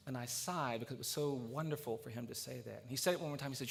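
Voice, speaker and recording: A man's voice: mid-range voice, fast, vocal fry, few pauses, a little hiss or hum. A man speaking at a policy roundtable, giving an earnest public speech with storytelling that builds to emphatic points.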